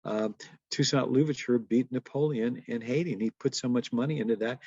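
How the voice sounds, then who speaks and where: A man in his seventies speaks with a gravelly, fry-edged voice at a middle pitch. He talks in a storytelling way as an interview guest, laughing often. The sound is dry and a little dull. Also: a little fast, a little mellow, no echo. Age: 70s. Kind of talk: conversational interview.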